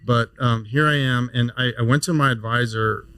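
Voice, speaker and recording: A man in his fifties, a neurosurgeon guest on a podcast, telling a story in a casual, animated way with many restarts. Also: medium pitch, moderate pace, smooth, rough recording. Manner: animated storyteller, frequent restarts, laughs easily.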